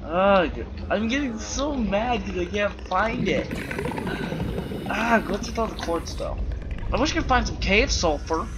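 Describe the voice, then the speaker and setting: Goofy high-voiced gamer man. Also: expressive, measured pace, background noise. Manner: goofy, rambling, silly wordplay. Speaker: gameplay commentator. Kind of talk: casual let's play commentary.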